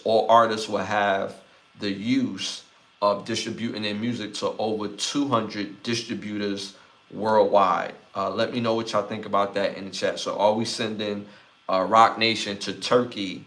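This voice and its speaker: Laid-back Brooklyn man hosting a podcast. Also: lowish voice. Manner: laid-back, reads chat comments aloud, gives shout-outs. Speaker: podcast host. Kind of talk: casual live-stream podcast chat.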